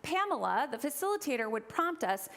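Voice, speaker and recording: A woman's voice: sits high, very animated, fairly quick. Woman minister preaching a chatty sermon. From Eastern Kentucky, US. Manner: conversational, with humorous asides to the congregation.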